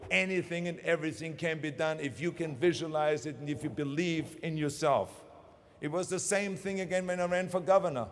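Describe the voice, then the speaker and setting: A man's voice: a little high, big-room sound. A man with a German accent giving an emphatic, motivational commencement speech in short, punchy phrases. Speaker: commencement speaker.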